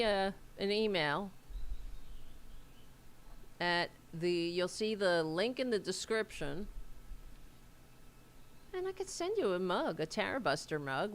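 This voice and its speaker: A woman with a Staten Island accent and a medium-pitched voice hosts a casual livestream. She rambles as she reads viewer comments aloud and responds to them.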